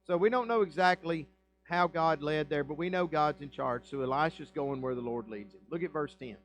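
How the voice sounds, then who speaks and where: A man preaching a sermon in a church, his voice sitting a little higher than most men's. He reads scripture aloud and then unpacks it conversationally, with plenty of rhetorical questions and asides to the congregation. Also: fairly quick, rough recording. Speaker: pastor.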